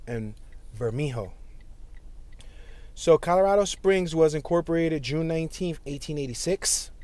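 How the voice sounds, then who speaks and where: A man's voice: fairly high pitch, a little mellow, slight background noise. A man giving a casual running commentary on a driving tour, chatty and playful, joking and repeating words as he goes. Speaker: vlogger narrating a driving tour. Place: inside a moving car.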